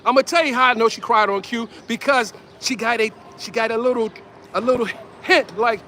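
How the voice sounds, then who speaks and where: A man giving excited street commentary outdoors, repeating himself and calling out to viewers as ladies and gentlemen. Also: very high-pitched, fairly quick, a little hiss or hum. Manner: animated, repetitive, addresses viewers as ladies and gentlemen. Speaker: independent commentator.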